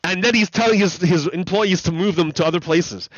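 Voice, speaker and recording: A man's voice: sits high, fairly quick, dry recording. An American man hosting a livestream, giving casual commentary in a chatty way, laughing often and repeating his points. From United States. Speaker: livestream host. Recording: dry, slightly dull lo-fi sound.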